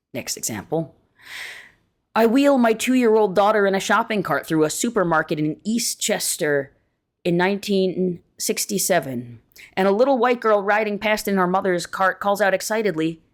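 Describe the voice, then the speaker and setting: A woman reads an essay aloud in a lower-pitched voice with a wide, expressive range. She keeps a measured, deliberate pace and slows down to stress key words. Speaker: reader of an essay.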